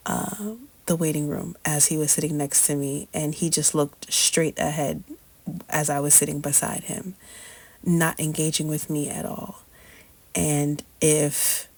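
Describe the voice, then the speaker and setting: Candid, chatty woman with a gravelly voice. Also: on the low side, darkish tone, dry recording. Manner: candid and chatty, slangy asides, laughs often. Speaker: storytelling host. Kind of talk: casual personal storytelling.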